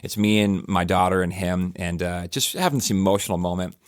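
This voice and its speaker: A man in his forties hosting a church podcast, talking in a loose, reflective way and often restarting his thoughts. His voice sits low, and the sound is close and dry with almost no room around it. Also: little pitch movement, a little fast, no echo. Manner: conversational and rambling, many fillers and restarts. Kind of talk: casual reflective talk.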